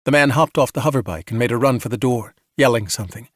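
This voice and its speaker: A man narrates a story in a calm, soothing bedtime manner. His mid-range voice is even and measured. The sound is dry and close with no room echo. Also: medium pitch. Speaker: audiobook narrator.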